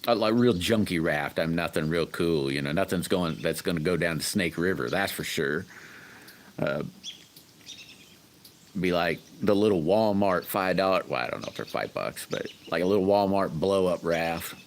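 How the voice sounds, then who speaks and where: A man's voice: low-pitched, expressive, moderate pace, slight background noise. A man hosting a casual livestream, rambling folksy stories and greeting viewers by name. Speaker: livestream host chatting with viewers.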